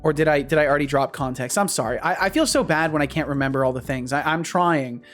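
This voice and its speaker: A man's voice: on the high side, fast talker, a bit bright, soft background music. Man thinking aloud while coding. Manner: thinks aloud, repeats and restarts phrases. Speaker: streamer and game developer.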